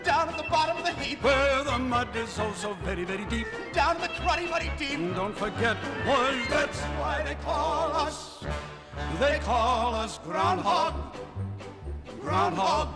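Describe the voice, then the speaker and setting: A man's voice: extremely high pitch, expressive, unhurried, long pauses, over music. A man singing a hearty show tune from a Broadway cast recording. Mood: rousing.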